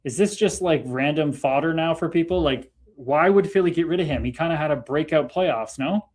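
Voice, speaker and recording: A man's voice: fairly high pitch, moderate pace, darkish tone. A man with a Canadian accent hosting a casual livestream, chatting loosely with viewers and laughing often. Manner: laid-back, chatty, laughs often, talks to viewers by name. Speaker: livestream host. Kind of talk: casual livestream chat reading comments.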